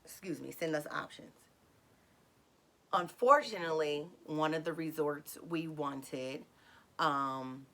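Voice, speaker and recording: Woman vlogger, lowish bright voice, chatty storyteller with lots of ums and sudden excited squeals. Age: adult with a son. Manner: animated, acts out dialogue with sudden high excited bursts; frequent fillers and self-corrections. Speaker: vlogger telling a personal story. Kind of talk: casual storytelling.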